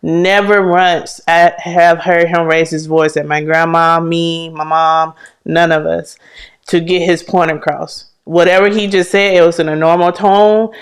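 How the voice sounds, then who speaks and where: A woman's voice: on the low side, little pitch movement, a little slow. A woman co-hosting a relationship podcast with her husband, speaking candidly and emphatically from personal experience. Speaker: podcast co-host, the host's wife. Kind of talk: casual relationship talk.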